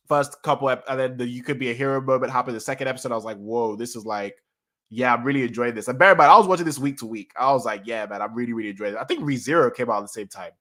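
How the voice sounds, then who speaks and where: Excitable rambling man. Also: mid-range voice. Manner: rambling, excitable, self-correcting. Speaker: manga reaction streamer. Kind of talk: casual live-stream talk.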